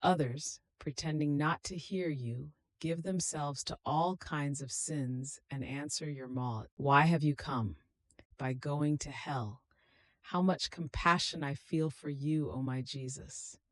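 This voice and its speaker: A reader giving a slow, solemn, meditative devotional reading in a prayerful tone. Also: medium pitch, dry recording.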